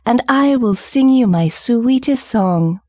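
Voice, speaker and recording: Woman doing a high earnest nightingale. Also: expressive, slow pace, dark tone, no room sound, clean studio sound. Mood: pleading. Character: small brave female nightingale, longing and pleading. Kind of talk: audiobook character reading.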